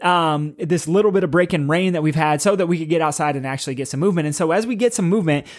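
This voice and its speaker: A man's voice: on the high side, quick pace. A man in his thirties hosting a podcast, telling a personal story in a candid, self-critical, rambling way. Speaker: podcast host, father. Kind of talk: casual storytelling monologue.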